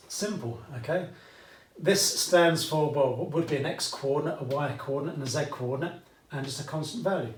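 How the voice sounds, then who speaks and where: A man's voice: on the high side, a little fast. A British man teaching a maths lesson at a whiteboard, chatty and fond of asides, checking in with "okay?" often. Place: classroom with whiteboard. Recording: echoey room, voice from far off.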